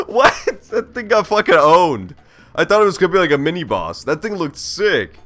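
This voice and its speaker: A man's voice: on the high side, huge pitch swings, fairly quick, a bit bright, soft background music. A man giving casual gameplay commentary on a stream, joking and swearing as he reacts aloud to the game. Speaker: let's play streamer.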